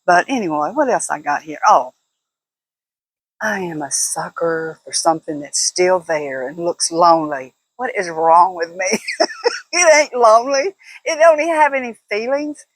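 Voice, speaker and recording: A woman's voice: on the low side, moderate pace, poor audio. An older woman chatting casually to camera as a vlogger, laughing often in a folksy way. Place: at home, walking indoors and out.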